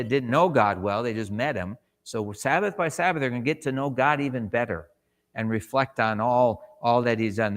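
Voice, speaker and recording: Male Sabbath school teacher, mid-pitched, conversational, quizzes the class, church hall reverb. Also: fairly bright tone. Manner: conversational, asks the class questions, acts out short quotes.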